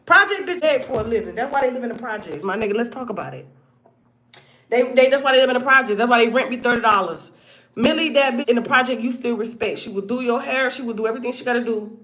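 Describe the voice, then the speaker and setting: A woman hosting her own show, giving blunt, profane commentary in a casual monologue that swings between loud outbursts and hushed asides. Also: a little high, quick pace. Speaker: show host.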